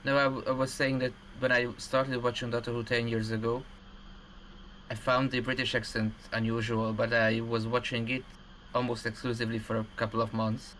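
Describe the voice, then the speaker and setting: A man's voice: medium pitch, little pitch movement, normal speed, fairly bright tone, slight background noise, rough recording. A man co-hosting a casual livestream chat, explaining things at length with lots of fillers and restarts.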